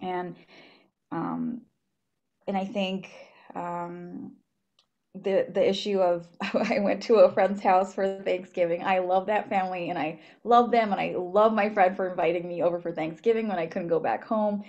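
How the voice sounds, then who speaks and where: A young woman from Japan talking on a panel, rambling with many fillers and animated retelling of her experiences. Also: fairly low pitch, a little slow, highs cut off. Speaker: student panelist. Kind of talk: casual panel talk. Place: event hall.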